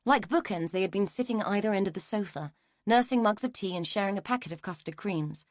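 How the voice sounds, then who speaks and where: A woman reading a mystery novel aloud in a measured, even way. Her voice sits at a middle pitch for a woman, and the recording is dry and close with no room sound. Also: dry recording. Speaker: audiobook narrator. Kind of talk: scripted narration.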